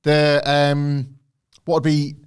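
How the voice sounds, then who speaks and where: A man co-hosting a podcast, rambling through animated stories in casual chat. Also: fairly high pitch, takes it slowly, smooth. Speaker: podcast co-host.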